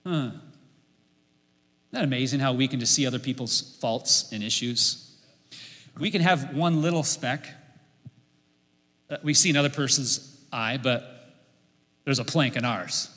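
A man in his forties preaching a sermon as pastor, lively and joking, leading the congregation in repeated lines. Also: mid-range voice, a little slow, long pauses. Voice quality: bright, lively preaching voice with humor. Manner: leads the congregation in repeating lines, jokes and laughs. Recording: echoey hall with long reverb.

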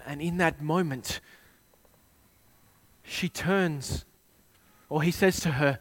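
A man preaching a sermon, retelling a scene with dramatic swings between hushed and loud delivery. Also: fairly high pitch, slow pace, long pauses.

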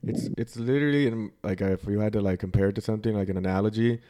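A man's voice: lowish voice, rapid-fire, mellow. A man co-hosting a podcast who rambles through analogies, says "like" constantly and swears casually. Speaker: podcast co-host.

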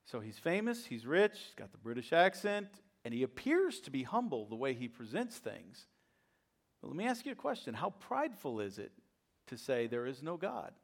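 A middle-aged man gives a sermon in an animated preaching voice. He talks at an even mid pitch, climbs into loud, pressing questions, then drops to soft asides. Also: moderate pace. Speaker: pastor.

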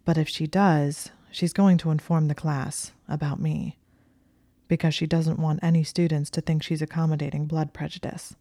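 A woman's voice: level tone, normal speed, mellow, no room sound, clean studio sound. Woman reading as flustered young student girl. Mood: anxious, pleading. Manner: flustered, strained and shrill at times.

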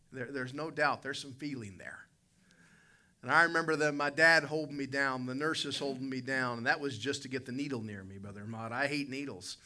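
A male pastor preaching a sermon, telling a vivid folksy personal story and calling on members of the congregation by name, swinging between loud emphatic lines and quiet asides. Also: mid-range voice.

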